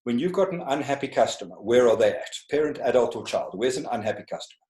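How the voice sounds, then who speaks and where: A man teaches communication skills in an online class over a video call from an echoey room. His medium-pitched, slightly mellow voice is animated and quick, and he often checks in with listeners through rhetorical questions.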